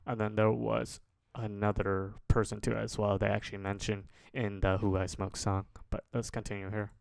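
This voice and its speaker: A man casually commenting as host of a reaction video, rambling and pausing to remark on what he watches. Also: lowish voice, gravelly, no room sound, studio quality. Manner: relaxed, rambling, pauses to comment.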